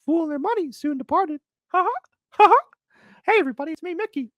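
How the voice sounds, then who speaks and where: A man putting on the high giggling voice of a cartoon mouse mascot. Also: quick pace, a bit bright, no echo. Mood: giggly. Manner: squeaky falsetto with giggles.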